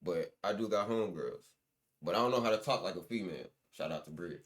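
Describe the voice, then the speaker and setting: A man's voice: low voice, quick pace. A young man, a guest musician, telling stories in loose, slangy casual chat with lots of restarts.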